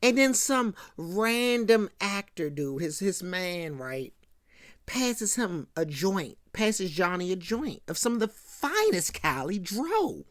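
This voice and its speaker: A woman's voice: mid-range voice, very animated, takes it slowly, no echo, studio quality. A woman hosting a casual recap rant, slangy and constantly checking in with the listener. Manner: slangy, keeps checking in with "right?". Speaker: show host.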